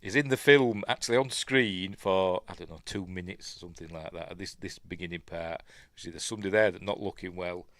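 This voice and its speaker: A man's voice: sits low, fairly quick, a bit bright, no room sound. A man with a Yorkshire accent giving a casual film review, rambling and muttering asides to himself. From Yorkshire, England.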